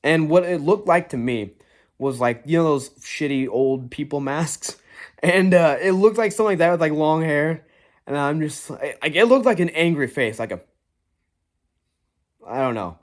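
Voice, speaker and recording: A man's voice: fairly high pitch, animated, moderate pace. A young man telling a ghost story in a casual, profane, rambling way, often acting out what people said.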